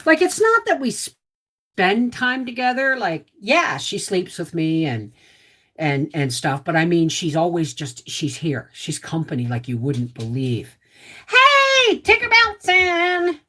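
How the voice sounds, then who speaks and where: Woman, homestead livestream host, casual and chatty, pitch swings up and down a lot. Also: expressive, measured pace, a bit bright, breathy edge. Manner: chatty, reads out viewer names, talks to her dog. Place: at home.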